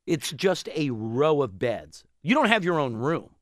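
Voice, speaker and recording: A man in a casual chat, telling a long story in a rambling, animated way. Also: on the high side, unhurried, dry recording, studio quality.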